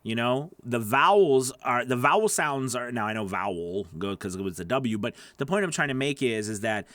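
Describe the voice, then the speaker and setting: A man teaching audiobook narration in a loose, animated way, acting out sample readings and often restarting his sentences. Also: medium pitch, normal speed, no room sound. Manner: animated, demonstrates readings, many fillers and restarts. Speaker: voice-over coach. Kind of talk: teaching talk to camera.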